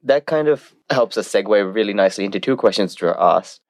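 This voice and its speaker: A male podcast host reading out listener questions and segueing briskly between topics. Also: fairly low pitch, lively intonation, dry recording, studio quality.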